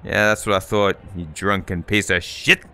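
A man doing loud, excitable, profane gameplay commentary, taunting enemies as he plays. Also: on the low side, moderate pace, noisy background. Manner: loud, excitable, swearing, trash-talking. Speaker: gaming YouTuber.

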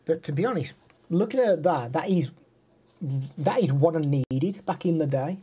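A man in casual live-stream chat, showing gear and answering his viewers. His voice is mellow and a little husky. He talks easily and laughs often. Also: fairly high pitch, lively intonation, moderate pace.

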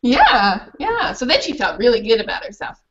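Animated woman author on a video call. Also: on the high side, moderate pace, muffled recording. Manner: animated, questioning the children. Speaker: children's author. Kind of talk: storytelling and class discussion.

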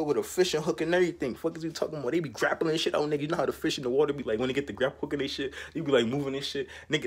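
A young man ranting casually to camera as a vlogger, profane and animated in heavy street slang, laughing as he goes. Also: on the high side, breathy edge. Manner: laughs often mid-rant.

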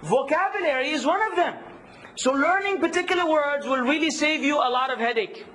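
A man teaching a workshop, lively, quizzing his audience and acting out hecklers. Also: very high-pitched, fairly quick, a little hiss or hum, low-quality recording. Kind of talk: workshop lecture.

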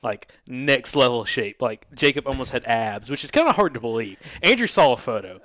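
A man's voice: medium pitch, normal speed. A man co-hosting a casual hunting podcast, telling stories with lots of "dude" and "listen". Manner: animated storyteller, laughs often, says "dude" and "listen". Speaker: podcast co-host.

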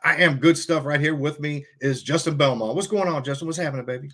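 A man's voice: fairly high pitch, quick pace, a bit bright. A man in his fifties hosting a casual podcast with jokey, hype-man greetings. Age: 50s. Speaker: podcast host. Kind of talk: casual chat.

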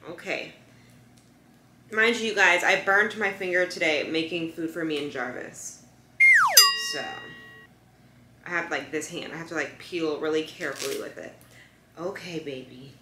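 A woman's voice: fairly low pitch, a little hiss or hum. Young female vlogger, casual and chatty, echoey home room. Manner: chatty, coaxing softly with her dog. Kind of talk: casual chat to camera.

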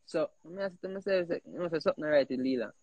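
A man with a Jamaican accent, hosting a heated casual talk, animated and emphatic, often repeating himself. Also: on the high side, fast, no room sound, muffled recording. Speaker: host.

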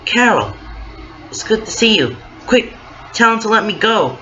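A man's voice: sits high, sing-song, a little slow, sharp tone, highs cut off, pitched above the performer's own voice, full character voice. A man voicing a loyal, defiant young male ninja in a read-aloud fan story, in a raised, earnest voice. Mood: eager.

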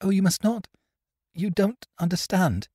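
A man voicing an earnest, anxious young woman with a soft, breaking voice, in a storybook reading. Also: on the high side, animated, normal speed, no echo, clean studio sound, voice pushed up.

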